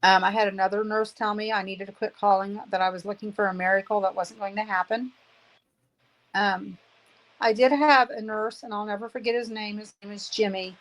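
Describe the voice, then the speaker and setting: A woman's voice: medium pitch, steady tone, a little fast, a bit bright, poor audio. A woman in her fifties giving an emotional personal testimony, aggrieved and earnest, repeating phrases for emphasis. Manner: aggrieved, indignant.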